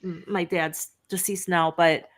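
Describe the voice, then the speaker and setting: A woman author telling funny family stories in a lively way and laughing often, as a guest on a video call. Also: on the low side, a little slow. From Upper Midwest United States. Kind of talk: casual storytelling.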